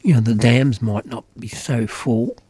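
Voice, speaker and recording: A man's voice: mid-range voice, unhurried, warm tone, breathy edge, no echo. A middle-aged Australian man with an Australian accent, talking earnestly and emphatically in casual political conversation, with many "you know" fillers.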